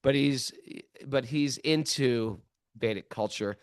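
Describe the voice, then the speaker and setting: A man in his sixties, hosting a podcast, telling a self-mocking story in a casual, animated way with plenty of fillers. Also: medium pitch, slow, clear, resonant tone, dry recording, studio quality. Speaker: podcast host.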